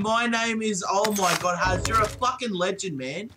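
A young Australian man live-streaming a shooter game, excitable, swearing and thanking viewers again and again. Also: sits high, moderate pace, hardly any pauses, music in the background. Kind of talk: live-streamed gameplay chat. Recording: noisy game stream with clicks.

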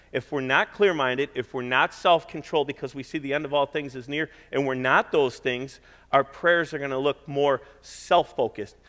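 A mid-range, fairly bright male voice fills a big church hall. The middle-aged man preaches casually, like he's talking with the congregation, and restates key points to stress them.

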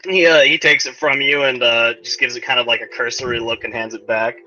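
A man's voice: medium pitch, fairly even intonation, a little fast, bright, forceful tone. A man narrating as game master for a tabletop game, rambling with many fillers. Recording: dull lo-fi recording, faint music.

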